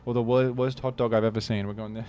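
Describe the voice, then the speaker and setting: A man's voice: medium pitch, level tone, quick pace, soft background music. A young man, casually joking and rambling through a live game stream. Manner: joking, rambling, exclaims loudly when surprised.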